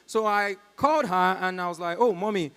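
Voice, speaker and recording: Nigerian man, stand-up comedian, high voice, reverberant concert hall. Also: lively intonation, normal speed, pushed and bright, smooth. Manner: storytelling, talks to the crowd. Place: concert stage in a large hall.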